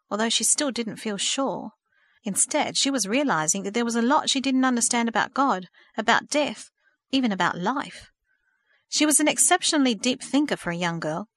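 A woman narrating a novel in a steady, measured audiobook reading. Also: fairly high pitch, no echo, studio quality.

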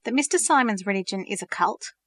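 A woman's voice: medium pitch, animated, fairly quick, a bit bright, no echo. Brief: teen boy, teasing, hesitant when serious, voiced by a woman narrator, dry close read. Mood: nervous. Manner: hesitant, stammering. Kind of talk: storybook reading.

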